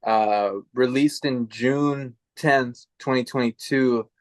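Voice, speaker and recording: A male podcast host talks in a relaxed, loose way, with a mid-range pitch. He hesitates and drops casual slang as he talks. The sound is dry and close-miked. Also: slow, no echo. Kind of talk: casual interview chat.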